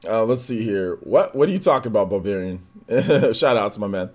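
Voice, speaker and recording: A man streaming a game, chatting casually and giving shout-outs to viewers, his voice a little worn and still recovering. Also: fairly low pitch, lively intonation, brisk. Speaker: gaming streamer. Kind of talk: live stream chat, greeting viewers.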